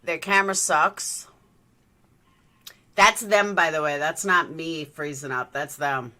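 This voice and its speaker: A woman's voice: sits low, takes it slowly, pushed and bright. A woman hosting a livestream, chatting loosely as she reacts to a live news feed. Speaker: livestream host. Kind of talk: casual live commentary.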